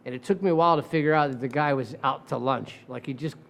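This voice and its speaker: A man, a defense attorney, telling courtroom stories in a casual, animated way, acting out the voices of the people he quotes and swearing freely. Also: mid-range voice, fast, creaky. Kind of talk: casual storytelling.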